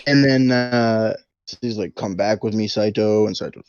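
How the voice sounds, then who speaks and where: A man's voice: lowish voice, fairly even intonation, a little slow, clean tone, no room sound, muffled recording. A man co-hosting a casual podcast, recapping a film with lots of fillers and acted-out quotes. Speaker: podcast co-host leading the movie breakdown.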